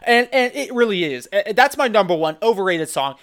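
A man co-hosting a podcast, rambling in animated, loose chat with lots of restarts. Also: sits high, brisk. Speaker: podcast co-host. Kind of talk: casual chat.

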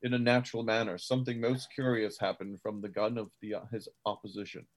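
A man voicing a curious, formal frontier gentleman who speaks in hesitant, genteel phrases. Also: lowish voice, level tone, fast, natural voice. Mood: confiding.

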